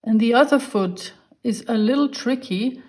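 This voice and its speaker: A woman's voice: on the high side, moderate pace, darkish tone. A woman giving a drawing lesson, patiently explaining each step while she draws. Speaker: art teacher.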